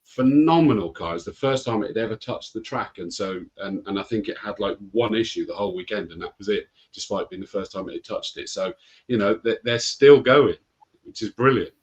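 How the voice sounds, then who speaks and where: Male motorsport host, lowish voice, upbeat casual chat. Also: a little fast, slightly rough. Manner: enthusiastic, chatty.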